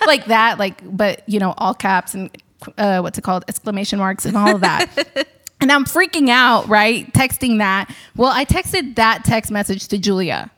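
A young woman chatting casually as a podcast host, animated and giggly, acting out quotes with big jumps in her voice. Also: mid-range voice, moderate pace. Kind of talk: casual storytelling chat.

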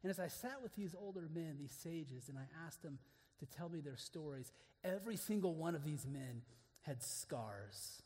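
A man preaching an earnest sermon to other men, moving between hushed, intimate passages and emphatic declarations. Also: fairly high pitch, lively intonation, normal speed, long reverb tail.

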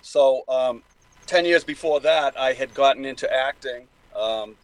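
Speaking a little slowly in a medium-pitched voice, an older man with a Boston accent rambles on as a guest in a relaxed interview, full of fillers and restarts. He's from New England, and the audio is poor.

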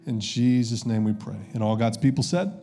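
A man's voice: mid-range voice, normal speed, dark tone, faint music behind. A man preaching as pastor, conversational and easygoing, with frequent filler sounds and restarts. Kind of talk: sermon.

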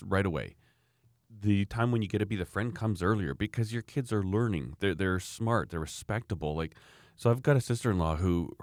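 Man from canada, low voice, dry close sound, casual rambling chat, emphatic. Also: darkish tone, dry recording. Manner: rambling and emphatic, with frequent restarts. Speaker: parent sharing views.

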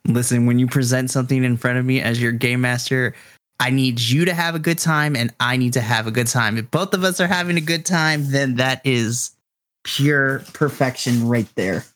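A man's voice: mid-range voice, normal speed, dry recording. Dry-voiced man narrating as game master. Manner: casual, animated storytelling.

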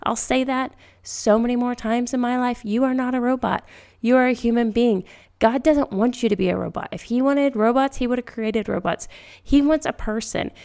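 A woman hosting a faith-based podcast, talking gently and reassuringly, repeating her key phrases. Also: on the high side, moderate pace. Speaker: podcast host. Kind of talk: faith-based encouragement talk.

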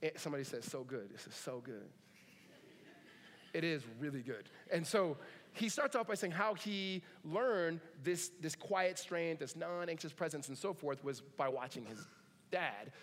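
A man preaching a sermon in a relaxed, conversational way, with joking asides and animated retellings of stories. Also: a little high, normal speed, long reverb tail, a little hiss or hum. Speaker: pastor.

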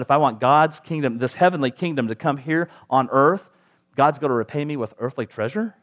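A male preacher delivering a sermon in a relaxed, conversational tone. His voice sits in an ordinary middle pitch, and he leans on rhetorical questions to draw listeners in.

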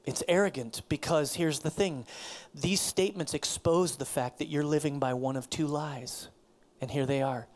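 A man's voice: fairly high pitch, fairly even intonation, moderate pace, few pauses, a little mellow. A man preaching a sermon with emphasis, often dropping his voice to a near whisper. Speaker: pastor.

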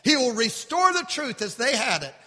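High, bright, impassioned male preacher. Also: big pitch swings, moderate pace, long reverb tail. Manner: impassioned preaching, builds to shouts then drops low. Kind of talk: sermon.

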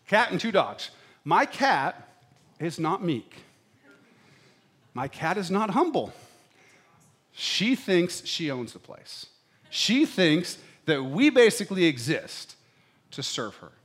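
Middle-aged guy preaching, chatty and playful, kinda high voice that jumps all over. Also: very animated, slow, long pauses, a bit bright, breathy edge. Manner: conversational preaching with playful asides, checking in with "right?". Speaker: pastor. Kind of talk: sermon.

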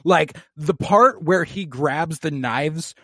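A man's voice: on the high side, takes it slowly, a bit bright, no echo, clean studio sound. A man co-hosting a podcast, joking loosely through an episode recap with lots of fillers and swearing. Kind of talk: casual chat recapping a TV episode.

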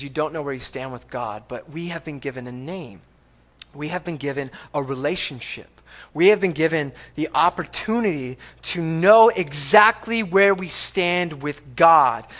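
Conversational preacher, somewhat high voice. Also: male voice. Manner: conversational preaching, checks in with the congregation; swings from loud emphatic lines to hushed reading. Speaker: pastor. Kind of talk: sermon. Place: church sanctuary.

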